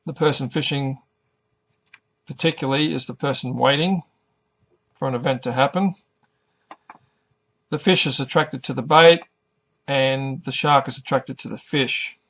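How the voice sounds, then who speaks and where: A middle-aged man teaching an English lesson, pronouncing each word carefully and deliberately. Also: mid-range voice, fairly even intonation, fairly bright tone. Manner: careful, over-articulated pronunciation. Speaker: ESL teacher.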